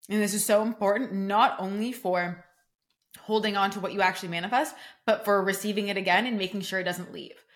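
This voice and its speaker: A young adult woman hosting her own podcast as a coach, talking casually and emphatically with many "like" fillers. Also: mid-range voice. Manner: casual, emphatic, fillers like "like", acts out quoted reactions. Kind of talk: solo podcast talk.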